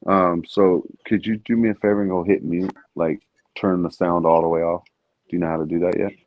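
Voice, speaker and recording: A man's voice: sits low, little pitch movement, brisk. Joking man hosting a lo-fi stream. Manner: joking, laughing banter. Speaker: livestream host. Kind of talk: casual livestream chat. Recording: dull lo-fi sound with faint hiss.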